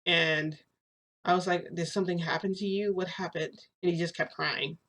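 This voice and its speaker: A woman vlogger telling a long story in a casual, excitable way. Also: fairly low pitch, moderate pace. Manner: excitable, chatty retelling full of "I'm like" and "freaking".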